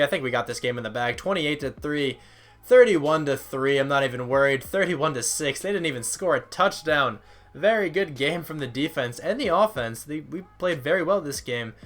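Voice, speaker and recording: A young man who runs a gaming YouTube channel sounds tired as he offers casual, rambling football video game commentary in a mid-range, slightly bright voice. He reads out stats and is self-deprecating, with his voice occasionally cracking.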